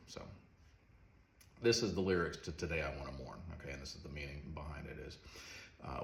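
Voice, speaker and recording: A man talking casually and earnestly about a song he wrote, soft-spoken and rambling with fillers. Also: extremely low pitch, fast, vocal fry, slight background noise. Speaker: songwriter. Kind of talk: casual heartfelt vlog talk. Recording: echoey room with faint ambience.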